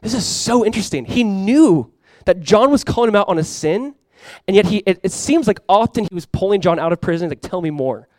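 Pastor, male, fast conversational sermon delivery with bursts of emphasis, dry close sound. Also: sits high, expressive, darkish tone, dry recording, poor audio. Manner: conversational storytelling with sudden emphatic rises.

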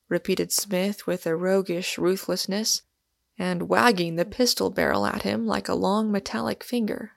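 A woman reads a classic novel aloud in a measured, deliberate storytelling manner. Her delivery is slow, and her voice carries a gravelly crackle. The recording is close and dry. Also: lowish voice, fairly even intonation, no echo. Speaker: narrator. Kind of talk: audiobook narration.

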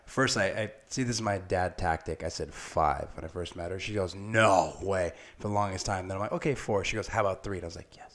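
A man's voice: sits low, fast talker, few pauses, a bit bright. A man telling an emotional birth story in casual conversation, acting out what people said. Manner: emotional storytelling, acts out quotes. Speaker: father, guest. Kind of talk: casual podcast chat.

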